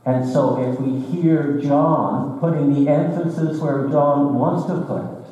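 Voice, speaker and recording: A man preaches slowly and deliberately, his mellow voice carrying a dry humor. He is heard from across a large sanctuary, the sound washing through a long, echoing reverb. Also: fairly high pitch, steady tone. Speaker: visiting minister. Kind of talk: sermon. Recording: echoey church hall from far off.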